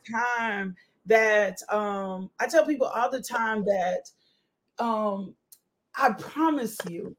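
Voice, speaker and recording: A woman's voice: mid-range voice, slow pace. A woman hosting a faith conversation, talking emphatically and repeating phrases like a preacher. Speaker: host and ministry leader. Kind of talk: casual faith podcast conversation.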